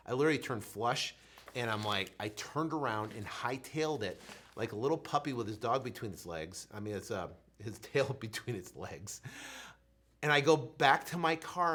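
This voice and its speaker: A man in his thirties, a real estate coach, telling his story in an animated motivational way, swinging between loud and soft and acting out his own stammering. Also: mid-range voice.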